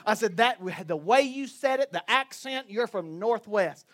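High, bright-voiced Southern pastor. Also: male voice. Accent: Southern US (Northwest Florida). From Northwest Florida, USA. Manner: joking, animated storytelling, quick asides to the crowd. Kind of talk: sermon with jokes to a congregation.

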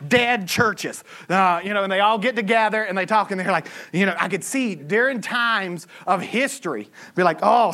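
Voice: mid-range voice, normal speed, hardly any pauses, sharp tone. A pastor preaching a humorous sermon to a congregation, acting out quoted voices. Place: church service with a congregation.

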